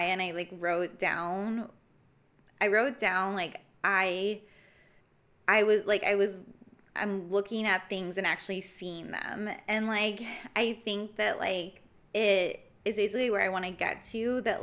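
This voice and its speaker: A woman's voice: medium pitch, a bit bright. A young woman in casual conversation, talking reflectively with many fillers and restarts. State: briefly emotional. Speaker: podcast guest.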